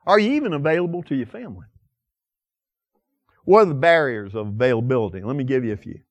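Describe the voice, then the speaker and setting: A man preaching a sermon with passion, asking the listeners many direct questions and swinging from loud emphasis to quiet asides. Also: medium pitch, lively intonation, fast, pauses often, no room sound. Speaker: pastor.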